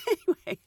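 A woman's voice: no room sound, clean studio sound. A woman flight attendant hosting a casual chat, telling stories with frequent laughter. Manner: lively, laughs often while telling stories. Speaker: flight attendant and podcast host.

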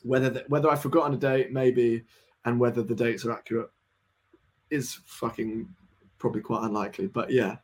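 A young man in his twenties, a band member guest in a casual podcast interview, rambling, excitable and swearing freely. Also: medium pitch, a little fast. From United Kingdom. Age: 20s.

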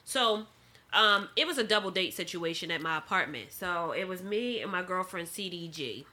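Woman, casual chat, low bright voice, wry asides. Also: lively intonation, moderate pace.

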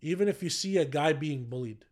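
A man's voice: a little high, expressive, brisk, a little mellow. A man, a guest on a casual podcast, talking bluntly and emphatically and swearing freely.

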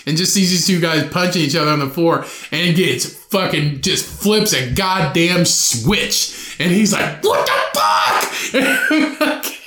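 A young man hosts a podcast alone, telling a profane story and laughing as he goes. His voice sits high and bright, and the room around him is echoey. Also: unhurried. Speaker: podcast host. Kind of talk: casual solo podcast storytelling.

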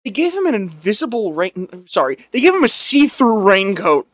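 A man's voice: high voice, sing-song, moderate pace, a bit bright, no room sound, clean studio sound. A young man co-hosting a podcast, talking frankly and rambling with lots of "like". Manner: rambling, frank, heavy on fillers like "like". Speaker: podcast co-host. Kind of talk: casual chat.

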